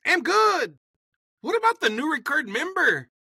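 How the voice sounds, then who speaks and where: A man voicing a carefree, happy male cult leader in a high, squeaky put-on Latin accent. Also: big pitch swings, a little slow, vocal fry, sharp tone, no room sound, studio quality, full character voice. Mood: gleeful. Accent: Latin American put-on. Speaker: podcast co-host doing a character voice.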